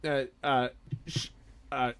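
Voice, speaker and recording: A man co-hosting a podcast, chatting about a film in an excitable, rambling way with many fillers and restarts. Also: medium pitch, slow, creaky, smooth. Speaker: podcast co-host. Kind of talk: casual film review chat.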